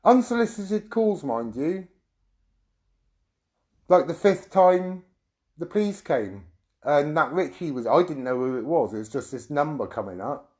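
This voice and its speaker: A man's voice: fairly high pitch, lively intonation, darkish tone. A middle-aged man from the UK, ranting angrily to his viewers and rambling and swearing as he tells his story. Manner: agitated, rambling, swearing, quick asides to viewers. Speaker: YouTube streamer. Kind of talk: angry monologue to viewers.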